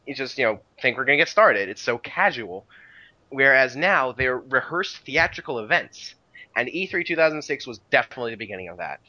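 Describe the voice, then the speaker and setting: A man's voice: mid-range voice, animated, fairly quick, pushed and bright, dull audio. A man co-hosting a casual podcast about video game history, rambling with many restarts and "you know" fillers. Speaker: podcast co-host.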